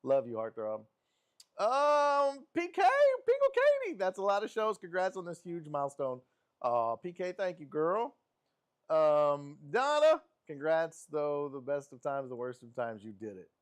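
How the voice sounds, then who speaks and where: A man hosts a live sports stream and reads viewer messages aloud. His voice sits a little high for a man and swings up and down a great deal, so he sounds lively and affectionate. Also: a little slow, clear, resonant tone. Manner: animated and affectionate, with frequent laughs and pitch jumps.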